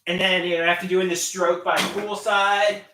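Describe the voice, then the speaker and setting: A man's voice: high voice, little pitch movement, moderate pace, far from the mic, a little hiss or hum. Goofy man rambling in an echoey room. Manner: goofy, self-mocking, bursts into shouted singing. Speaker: livestreamer. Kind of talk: rambling live stream chat with silly singing. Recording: echoey room, voice set back from the mic.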